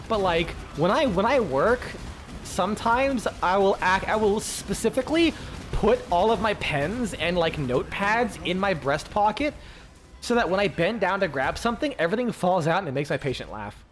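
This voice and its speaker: A man's voice: high voice, lively intonation, normal speed. A man chatting casually with his stream viewers, rambling, full of fillers and swearing freely.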